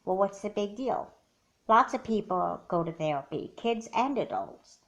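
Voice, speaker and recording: A woman's voice: medium pitch, expressive, measured pace, muffled recording. A woman voicing a protective older sister in a doll movie, firm and scolding.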